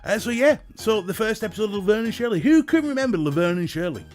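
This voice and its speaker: A man's voice: sits high, lively intonation, fast talker, a little mellow, faint music behind. A British man hosting a casual livestream, chatting to viewers and reading their comments, jokey and talking straight to the chat. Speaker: livestream host.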